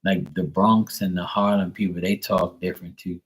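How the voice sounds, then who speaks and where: A man with a slightly low voice talks loosely on a live stream, full of swearing and easy laughter. He rambles freely, like a casual chat with viewers. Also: level tone, normal speed. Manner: loose, profane and laughing, imitates accents. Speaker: live tarot reader and streamer.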